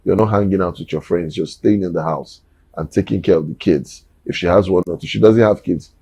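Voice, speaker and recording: A man's voice: low voice, a little fast, a little mellow, husky, dry recording, poor audio. A man, giving an emphatic, preachy opinion monologue and repeating words for emphasis. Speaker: commentator.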